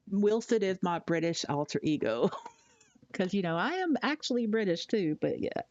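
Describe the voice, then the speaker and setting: A woman from Tennessee, chatting casually on a live stream, rambling and halting with fillers as she reads out chat messages. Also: on the low side, big pitch swings, darkish tone, no echo, muffled recording. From Tennessee, USA.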